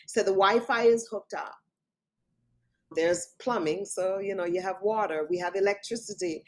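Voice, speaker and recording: Speaking at a moderate pace with a medium-pitched voice, a woman author recounts a vivid personal story as a guest on an interview show, often quoting others' words.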